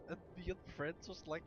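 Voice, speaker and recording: A man's voice: high-pitched, animated, moderate pace, highs cut off, noisy background. A man chatting casually with a friend while gaming, giggling often, teasing and swearing freely. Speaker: gamer.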